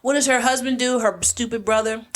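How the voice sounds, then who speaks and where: A woman's voice: on the high side, fairly even intonation, fairly quick. Chatty woman retelling history. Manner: retells history in slangy quoted voices; conversational, many fillers like "like" and "um". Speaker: podcast co-host. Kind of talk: casual storytelling chat.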